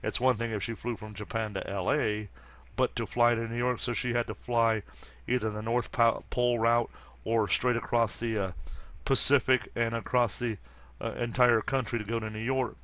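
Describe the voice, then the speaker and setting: A man around fifty reading a comic aloud and commenting casually, halting often with fillers and restarts. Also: medium pitch, little pitch movement, fairly bright tone. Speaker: comic book reader and commentator.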